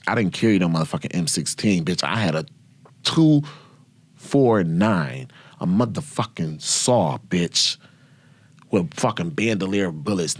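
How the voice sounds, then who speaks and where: A man in his thirties hosting a podcast, telling stories in a brash, profane, animated way. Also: low voice, no echo. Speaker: podcast host. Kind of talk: casual storytelling.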